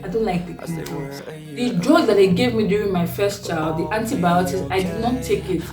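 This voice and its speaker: Animated Nigerian woman in an echoey room. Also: normal speed. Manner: animated, laughing often, with sharp swings in pitch. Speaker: vlogger. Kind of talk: personal storytelling vlog. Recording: echoey room, voice a bit far from mic, faint music.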